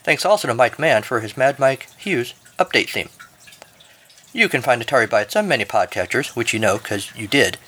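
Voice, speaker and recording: A man's voice: mid-range voice, animated, moderate pace, sharp tone. A man hosting a podcast, narrating a comic story and reading the outro with dry, jokey asides. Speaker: podcast host.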